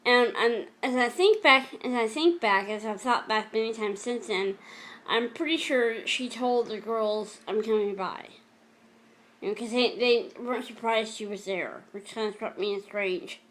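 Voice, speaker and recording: A middle-aged woman telling a personal story in a vlog, emotional and halting, often repeating and restarting her words. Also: a little high, a bit bright. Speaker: vlogger.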